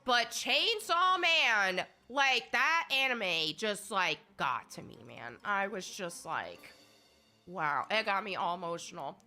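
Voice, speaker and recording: A woman's voice: mid-range voice, big pitch swings, slow pace, sharp tone, faint music behind. A woman gaming streamer with a cold, chatting casually in a rambling, candid way while she plays. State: has a cold.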